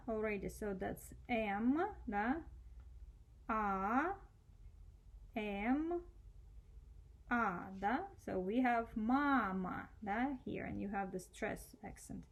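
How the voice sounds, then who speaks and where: Woman teaching cursive really slow, keeps asking "yeah?". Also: medium pitch, vocal fry. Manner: patient, spells out letters, checks in with "да?". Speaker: Russian language teacher. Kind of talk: slow step-by-step handwriting lesson.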